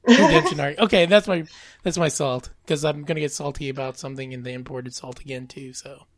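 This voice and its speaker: A woman with a fairly low voice chats casually on a podcast, rambling and stacking up "like" as she goes. The sound is dry and close, with no room around it. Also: brisk, no echo. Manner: rambling, heavy use of "like", laughs often. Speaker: podcast co-host. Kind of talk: casual chat.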